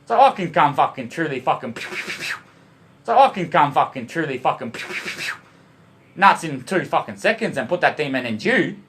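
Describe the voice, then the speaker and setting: A man's voice: a little high, very animated, normal speed, long pauses, a bit bright. An Australian man rambling to camera, swearing constantly and spinning loose wordplay about emotion and love, often calling out to "boys". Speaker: vlogger.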